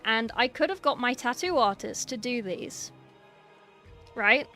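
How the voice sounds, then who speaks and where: Brief: young woman streamer, slightly high voice, chatty, faint music underneath. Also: animated, measured pace, pushed and bright. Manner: chatty, reading and answering chat aloud. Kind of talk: casual livestream chat while painting miniatures. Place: small room at home.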